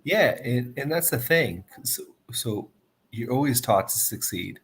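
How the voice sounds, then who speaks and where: A man's voice: medium pitch, animated, measured pace, creaky, fairly bright tone, husky. A man speaking as a podcast guest in casual chat, thinking aloud in a reflective, hesitant way. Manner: reflective and hesitant, many restarts.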